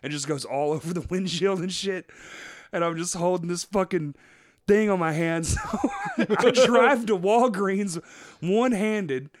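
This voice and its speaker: Podcast co-host, male, a bit high-pitched, crude and laughing, dry close sound. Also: measured pace, no echo. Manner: profane, laughing storyteller. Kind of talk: casual chat.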